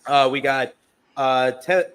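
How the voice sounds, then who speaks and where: A man's voice: medium pitch, fairly even intonation, slow, fairly bright tone, clean tone. A man hosting a casual live podcast, upbeat and chatty as he reads out the chat. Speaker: podcast host.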